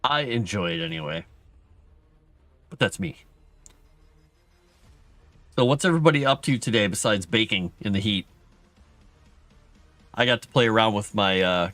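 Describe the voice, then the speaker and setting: A middle-aged man hosting a livestream, chatting casually with his viewers and telling stories from his childhood in a self-deprecating way, with a higher pitch when he acts out what others said. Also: a bit bright, no room sound. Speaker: livestream host. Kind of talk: casual storytelling to chat.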